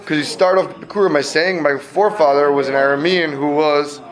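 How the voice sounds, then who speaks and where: A man's voice: on the high side, steady tone, brisk, a crowd in the background. A man teaching a classroom Talmud lesson, explaining step by step and checking in with students often.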